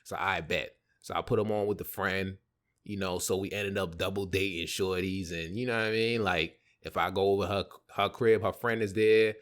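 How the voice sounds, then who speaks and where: A man's voice: low voice, steady tone, normal speed, a bit bright. A man hosting a podcast, telling casual stories from his childhood in slangy, profane talk and laughing at his own jokes. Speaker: podcast host. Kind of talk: casual storytelling monologue.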